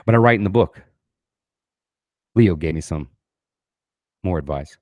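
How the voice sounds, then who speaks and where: A man with a fairly low voice talks through ideas from his own book on a podcast. He is casual and emphatic, swears often and keeps asking rhetorical questions. The sound is dry and close, with no room echo. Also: lively intonation, a little slow, phone-quality sound. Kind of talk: casual motivational talk.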